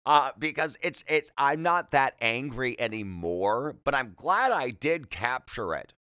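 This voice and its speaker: A man's voice: medium pitch, animated, unhurried, pushed and bright, smooth, dry recording. A man hosting a solo podcast, rambling in a chatty, self-deprecating way with jokey asides, speaking close to the mic. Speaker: podcast host.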